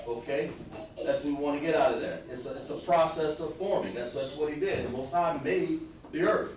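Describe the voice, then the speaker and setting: Brisk and on the high side, with a darkish tone, a religious teacher explains word meanings gradually in a live-streamed scripture class, talking directly to those listening. He's far from the microphone in a heavily echoing room, with slight background noise.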